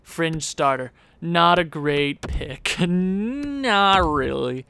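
A man giving casual commentary on a sports video game, animated, talking to himself and often jumping into a high, squeaky voice. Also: extremely slow, gravelly, clean tone. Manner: animated, jumps into high squeaky voice when excited or pleading; talks to himself, muttering low. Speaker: gaming YouTuber.

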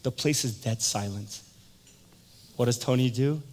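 A male pastor preaching a sermon and telling a story, acting out the voices and swinging from loud to hushed. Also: mid-range voice, measured pace. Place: church sanctuary. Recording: echoey church hall.

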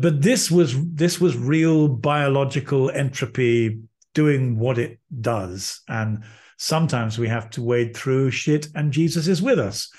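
A man who is a priest, a guest telling personal stories in conversation, earnest and lively, acting out what people said. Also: medium pitch. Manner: earnest, lively anecdotes with acted-out quotes.

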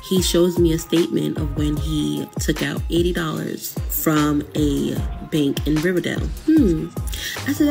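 A woman calmly recounting a painful breakup in casual storytelling, wryly quoting both sides of the dialogue. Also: low-pitched, creaky. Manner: calm, wry, quotes dialogue.

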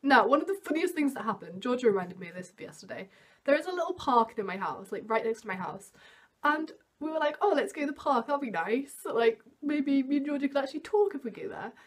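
A young woman vlogging, telling a story in an animated way and acting out the quoted voices. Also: high-pitched, fairly quick, husky. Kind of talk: storytime vlog.

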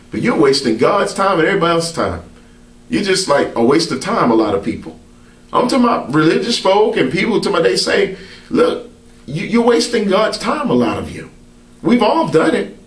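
A man preaching to the camera with a lively voice that rises and falls as he leans into his points. He peppers his talk with amens and hallelujahs in a loose, colloquial style. He stands set back from the mic in a roomy, echoing space. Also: fairly high pitch, far from the mic. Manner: preacherly call-and-response, frequent amens. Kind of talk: sermon to camera.

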